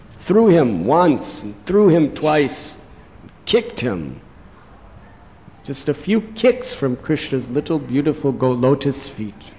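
Slow, dramatic preacher man in a hall. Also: on the high side, a little mellow. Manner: dramatic storytelling, slows for emphasis. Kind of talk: sermon. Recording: long hall reverb.

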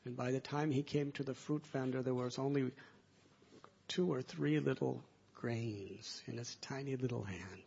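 A man telling devotional stories as a spiritual teacher, soft-spoken, with slow, drawn-out phrasing. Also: medium pitch, animated, vocal fry, muffled recording, slight background noise. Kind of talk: devotional storytelling talk.

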